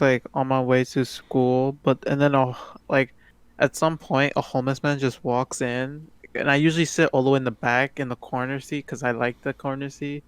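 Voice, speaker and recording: A man's voice: medium pitch, clear, resonant tone, no echo. A young man co-hosting a podcast, telling a rambling story full of fillers and restarts. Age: young adult. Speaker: podcast co-host. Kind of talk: casual chat.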